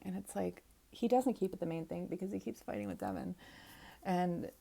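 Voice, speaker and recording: A woman in her thirties talks through a reality show recap on her own, rambling and opinionated, circling back on herself. Her voice sits a little low with a gravelly fry and a mellow, dark tone. It is loose, unscripted chat. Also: sing-song, normal speed. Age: 30s. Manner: rambling and opinionated, full of "like" and restarts. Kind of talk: casual solo recap chat.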